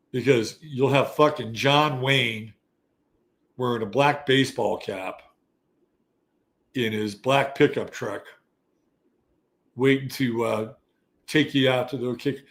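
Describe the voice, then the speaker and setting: Man in his sixties, gravelly voice, casual storytelling, animated and salty, mid-pitched. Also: measured pace, pauses often. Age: 60s. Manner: animated, profane, conversational. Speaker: astrology show host. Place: Texas.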